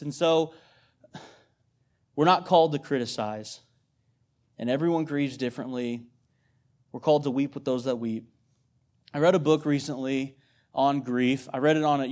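Guy in his 30s preaching to his church, chatty and informal, kinda higher voice, asks the room questions. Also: darkish tone. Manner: conversational, repeats words, asks the congregation questions. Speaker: missionary preacher. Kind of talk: sermon.

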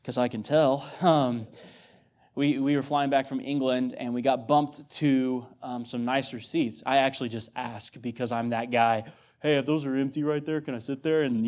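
A man's voice: mid-range voice, darkish tone. A man in his thirties preaching a sermon in a conversational way, often repeating words and checking in with the congregation. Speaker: missionary preacher.

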